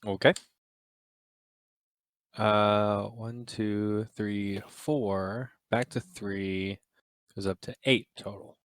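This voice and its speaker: A man playing a tabletop role-playing game who talks hesitantly and counts his dice out loud. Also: fairly low pitch, steady tone, very slow, pauses often, no room sound. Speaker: player.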